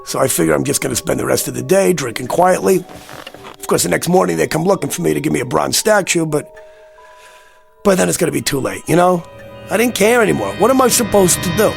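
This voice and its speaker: Haunted man out of his time, super gravelly, voice swinging all over, bitter and insistent. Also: fairly high pitch, expressive, quick pace, soft background music. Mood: bitter musing. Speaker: lead character. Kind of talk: mid-century drama audio.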